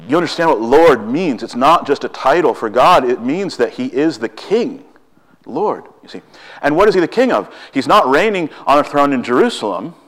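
A man of medium pitch gives a sermon, his words coming fast and full of excitement. He often poses rhetorical questions to those listening.

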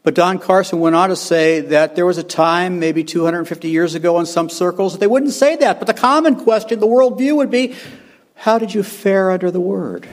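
A man's voice: high voice, fairly even intonation, fairly quick, few pauses. An older man preaching a sermon, emphatic, repeating his key phrases and chuckling at his own slips.

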